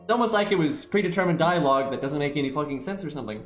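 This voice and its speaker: A man's voice: on the high side, lively intonation, racing, roomy sound, music in the background, rough recording. A man commenting on a video game as he plays, ranting and swearing in exasperation. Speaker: gaming streamer.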